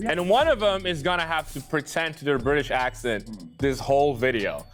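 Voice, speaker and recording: Animated joking man hosting a reaction. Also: on the high side, moderate pace, faint music behind. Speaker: host of the reaction. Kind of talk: casual reaction chat.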